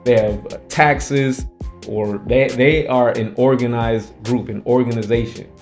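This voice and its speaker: Unhurried and fairly even in intonation, his mid-range, darkish voice drives home his views on his own commentary channel, with points repeated for stress. Soft music plays behind this casual, opinionated commentary.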